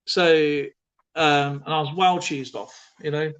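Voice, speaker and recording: Brief: male co-host, casual rambling chatter, fillers and restarts, voice sits slightly high. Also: steady tone, takes it slowly, fairly bright tone. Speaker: live stream co-host. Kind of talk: casual chat.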